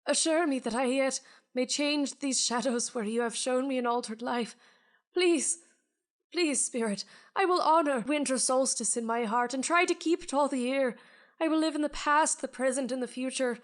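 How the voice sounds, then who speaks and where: A frightened old miser, stammering and pleading through tears, as a woman acts him out. His voice rides high and strained. It is a tabletop game scene. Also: normal speed, close to an everyday voice. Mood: pleading, sobbing. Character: sobbing old miser begging a spirit, male.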